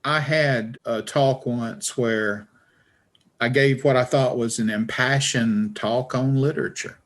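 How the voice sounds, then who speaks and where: A man's voice: mid-range voice, fairly even intonation, slow pace. A man with a Southern Appalachian foothills accent, telling wry, folksy stories as an interview guest. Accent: Southern US, Alabama Appalachian foothills. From Alabama, American South. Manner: folksy, wry storyteller who acts out quoted voices. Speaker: author and journalist, interview guest. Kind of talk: relaxed storytelling in an interview.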